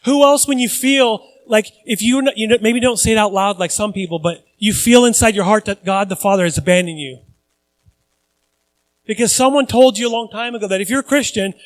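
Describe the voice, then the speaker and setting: High-voiced earnest male pastor. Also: a little fast. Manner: earnest, repeats phrases for emphasis. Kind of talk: conversational sermon.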